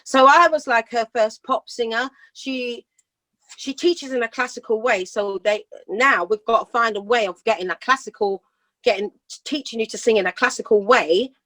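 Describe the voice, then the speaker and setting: A British woman in her fifties, a singer telling rambling, lively stories in a casual interview and laughing often. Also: fairly high pitch, normal speed, no echo. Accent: British English. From Britain. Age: 50s. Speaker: singer guest. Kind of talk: casual storytelling chat.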